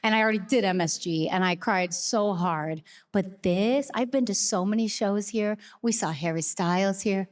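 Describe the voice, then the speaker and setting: A woman in her thirties co-hosting a live podcast on stage before an arena crowd, talking fast and excitedly, with many fillers. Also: mid-range voice. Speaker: podcast co-host. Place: large arena, live audience.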